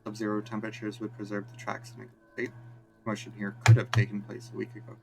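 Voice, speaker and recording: A man voicing a calm, methodical male police lieutenant in a video game, speaking in a measured, matter-of-fact way. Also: lowish voice, gravelly, background noise.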